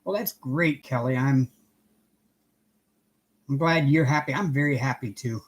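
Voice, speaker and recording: In an unhurried, mid-range voice, a man hosts a casual home livestream and cheerfully welcomes viewers by name one by one. He's working on a craft project as he talks.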